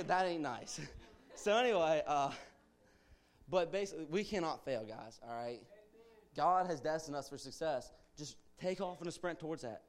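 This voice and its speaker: A man's voice: fairly high pitch, animated, normal speed. A young man giving an informal, earnest church sermon as a guest speaker, urging his listeners on with conversational asides.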